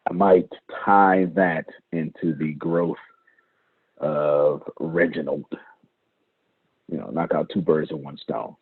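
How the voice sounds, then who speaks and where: A man's voice: low-pitched, slightly rough, no echo. A man coaching his team in a live online meeting, emphatic and fond of repeating phrases for effect. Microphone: video call. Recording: dry, tinny phone-like call audio.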